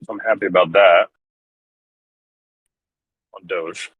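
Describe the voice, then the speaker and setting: A man's voice: low voice, fairly even intonation, slow, breathy edge, no echo, phone-quality sound. A man hosting a live crypto trading stream, chatting casually and joking wryly with a co-host. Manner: joking, chatty, wry asides. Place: inside a pharmacy store.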